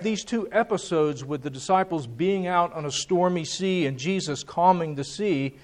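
Guy preaching, slightly high voice, hammers the same words over and over. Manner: emphatic, repeats key words for stress. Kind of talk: sermon.

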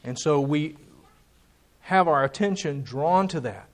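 A man's voice: on the high side, measured pace. A man preaching a sermon, emphatic and repeating key words for stress.

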